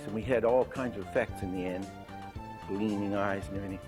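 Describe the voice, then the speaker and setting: A man's voice: lowish voice, a little fast, music in the background. An older man giving a lecture on animation, telling anecdotes and acting out the lines he quotes. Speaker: animation teacher.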